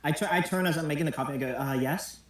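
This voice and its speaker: A man's voice: fairly high pitch, rapid-fire. Player guy describing his moves, stumbles on words, echoey room. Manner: stammering. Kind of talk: tabletop roleplay narration.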